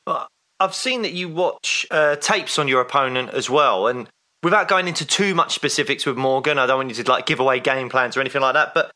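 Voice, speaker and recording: A man's voice: medium pitch, fairly quick, bright, forceful tone. A man hosting a fan podcast, asking long rambling questions in a casual interview. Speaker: podcast host.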